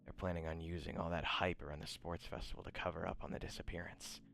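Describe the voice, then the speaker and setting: A man's voice: deep voice, little pitch movement, quick pace, creaky, a bit bright, slight background noise, pitched below the performer's own voice. A man voicing a menacing young villain boss who gives curt, crude orders over a phone call. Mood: scheming.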